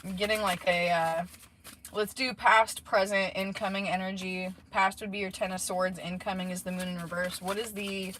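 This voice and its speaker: A woman's voice: medium pitch, flat delivery, moderate pace, fairly bright tone, rough recording. Chatty woman reading tarot in a car. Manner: rambling, chatty, many fillers and asides. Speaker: tarot reader. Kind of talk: casual tarot reading monologue. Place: in a parked car. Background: faint background noise.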